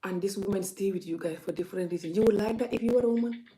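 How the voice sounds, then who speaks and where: A woman's voice: medium pitch, very fast, dark tone. A woman vlogger talking to her viewers in an impassioned, emphatic, preachy way. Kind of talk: casual live vlog talk.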